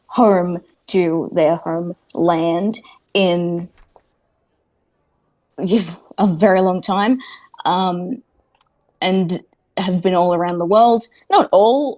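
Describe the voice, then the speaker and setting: A woman's voice: on the low side, darkish tone. A woman at home talks casually on a tabletop game podcast. She takes her time and wanders from point to point. She teases herself and leans on plenty of fillers. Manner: rambling and self-mocking, full of fillers. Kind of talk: casual chat. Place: at home with cats nearby.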